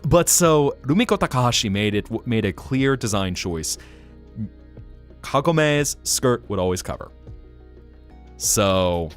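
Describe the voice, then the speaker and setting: Animated, rambling male streamer. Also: lowish voice. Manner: rambling, animated, laughs often, thanks chat. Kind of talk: casual live-stream chat.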